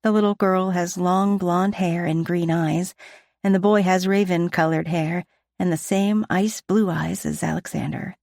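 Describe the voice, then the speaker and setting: A woman narrating a first-person audiobook in a steady, even storytelling manner on a close studio mic. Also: lowish voice, unhurried, gravelly, dry recording.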